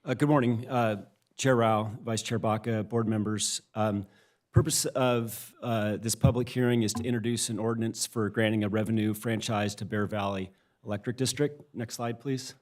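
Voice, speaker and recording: A man's voice: on the low side, steady tone, moderate pace, a little mellow. A man from county staff presenting an agenda item to a board, formal and a bit hesitant. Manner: hesitant, filler-heavy opening.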